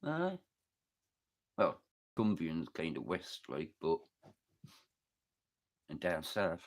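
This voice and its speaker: A man with a northeast English accent hosts a loose, rambling livestream, reading out comments and riffing on them. His voice sits very low but swings widely in pitch as he jokes, swears freely and drifts off topic. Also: very animated, extremely slow. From northeast England. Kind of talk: casual chat reading live comments.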